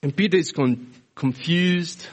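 Slow conversational preacher from South America. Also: male voice, fairly high pitch. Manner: conversational, hesitant restarts, explanatory. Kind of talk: sermon.

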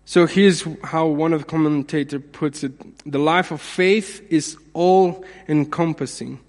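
Slow, high-voiced preacher in a reverberant hall. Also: male voice, steady tone. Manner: measured, repeats phrases for emphasis. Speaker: pastor. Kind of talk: sermon.

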